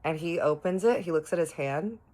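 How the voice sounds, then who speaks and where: A woman with a low, deep-set voice recounts a personal story for her viewers. She talks chattily and keeps turning to her audience directly. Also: fairly quick, a little mellow. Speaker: storytime host. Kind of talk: storytime vlog.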